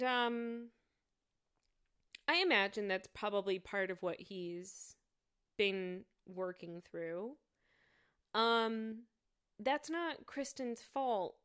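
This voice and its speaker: A woman talking through her reactions to a show in a thoughtful, halting way, with frequent fillers and restarts. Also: medium pitch, fairly bright tone, smooth. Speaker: commentator reviewing a show. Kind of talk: casual spoken commentary.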